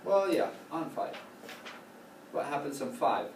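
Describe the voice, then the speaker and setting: A man's voice: medium pitch, big pitch swings, measured pace. A man coaching young conductors in a rehearsal room, asking the group question after question. He sounds far from the mic, and the recording carries a roomy echo and plenty of background noise. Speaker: choral conducting teacher. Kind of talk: classroom teaching. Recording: roomy, distant, noisy classroom recording.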